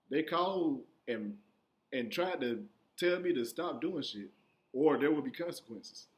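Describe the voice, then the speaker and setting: A young man telling stories in a casual, profane monologue, acting out both sides of each conversation. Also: on the high side. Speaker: storyteller.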